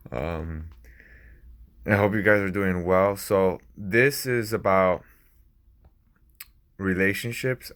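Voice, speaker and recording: A man's voice: low-pitched, fairly bright tone, clear, resonant tone. A man talking off the cuff about his own relationships, rambling, laughing and swearing casually into a small personal mic. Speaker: vlogger. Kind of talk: unscripted casual talk.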